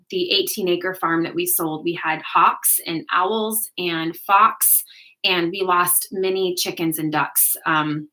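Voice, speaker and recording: Hosting a laid-back livestream, this American woman has a bright, forward voice at medium pitch. She talks warmly with her viewers, responding to their comments and laughing frequently.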